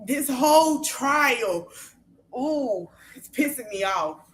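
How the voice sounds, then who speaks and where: A woman who hosts a podcast vents in a heated, profane livestream rant, repeating phrases for emphasis and breaking into shouts. Her slightly high voice is expressive and slow.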